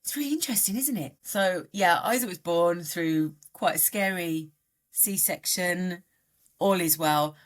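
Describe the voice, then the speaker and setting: Casting: middle-aged woman, low voice, lively delivery, open podcast guest. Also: a little slow. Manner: animated, voice jumping up and down in pitch. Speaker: guest coach. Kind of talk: candid podcast conversation.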